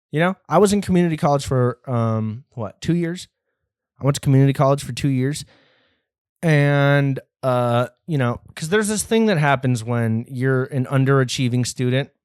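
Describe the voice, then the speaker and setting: In a dry, studio-quality recording, a man with a mid-range voice hosts a solo comedy podcast, delivering a rambling, profane and self-deprecating monologue.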